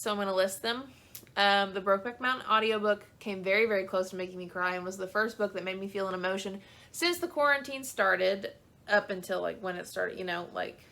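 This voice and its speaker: A woman's voice: mid-range voice, vocal fry, bright, forceful tone. A young woman talking about books in a casual video, chatty and gushing, with lots of "um" and "like". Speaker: book vlogger. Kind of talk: casual chat.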